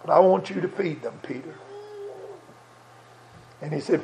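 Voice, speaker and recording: A man's voice: sits high, moderate pace, long pauses, dark tone. A man preaching a sermon in a folksy way, repeating phrases for emphasis. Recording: dull lo-fi sound.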